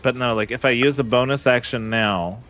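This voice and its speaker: A man chatting casually as a player in a tabletop game, rambling with quick jokes and asides. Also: mid-range voice, fairly even intonation, a bit bright, soft background music.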